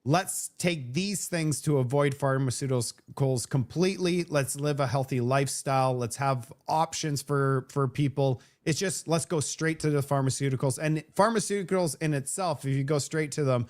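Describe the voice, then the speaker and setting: A man's voice: medium pitch, normal speed, hardly any pauses, darkish tone. A man from Canada whose first language is French, hosting a live stream in casual chat, rambling with many restarts and fillers. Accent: Vancouver French-Canadian. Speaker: host of a live show.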